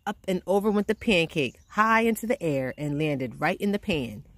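A woman reading a picture book aloud to children in a gentle, expressive storytelling manner. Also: on the low side, normal speed, no echo. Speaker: children's read-aloud host.

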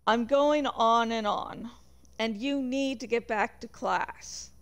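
A woman voicing a droning, fussy middle-aged male vice principal in a lowered voice, reading a book aloud. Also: takes it slowly. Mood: dismissive.

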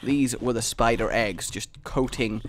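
A young man giving casual, rambling commentary while building in a game, excitable and thinking out loud. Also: medium pitch, unhurried. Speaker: gaming video creator. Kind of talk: casual let's-play commentary.

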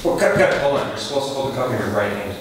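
A man playing a pushy, overexcited male casting director in a comedy sketch who fires off rapid directions and gets loud when he is excited. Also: mid-range voice, close to an everyday voice. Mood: brisk. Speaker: casting session runner. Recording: echoey room, far from the mic, noisy.

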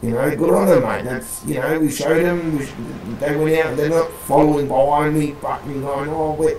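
A man's voice: fairly high pitch, steady tone, normal speed, darkish tone, echoey room, slight background noise, low-quality recording. Rambling man swearing mid-roleplay. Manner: rambling, heavy swearing, calls everyone mate. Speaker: roleplay gang leader. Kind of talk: in-character roleplay chat.

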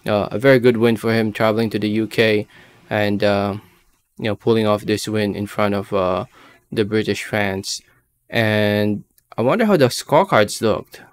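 A man's voice: fairly low pitch, moderate pace, clear, resonant tone. A man giving casual boxing commentary, talking a little slurred and thick because half his face is numb after dental work, rambling with lots of fillers. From Filipino American. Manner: loose, rambling, many fillers. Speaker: boxing vlogger. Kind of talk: casual post-fight commentary.

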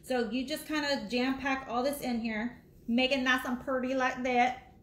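A woman's voice: sits high, fairly even intonation, normal speed, fairly bright tone. A middle-aged woman chatting casually while she cooks in her home kitchen, rambling between steps. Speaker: cooking vlogger. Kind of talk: casual live cooking chat. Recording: echoey room with faint noise.

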